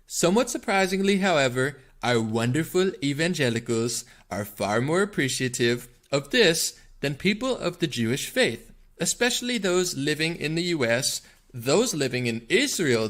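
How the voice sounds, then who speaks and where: A man's voice: a little high, a bit bright. A man doing a brash bragging older politician. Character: boastful older male politician, brash and self-praising.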